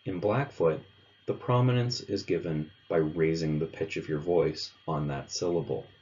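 Very deep-voiced man teaching pronunciation. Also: darkish tone, highs cut off. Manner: clear, measured explaining. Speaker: language teacher. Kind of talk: instructional narration.

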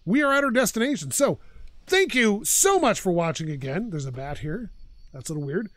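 A man's voice: high-pitched, big pitch swings, brisk, a bit bright, dry recording. A man hosting his own gaming channel, chatting and ranting in an opinionated way while he plays. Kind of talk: casual gameplay commentary.

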